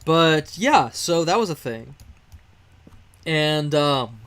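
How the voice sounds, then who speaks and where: Slow and a little high, this man's voice has lively intonation and a fairly bright tone. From Texas, he streams a game and rambles through a story, chuckling and using fillers along the way.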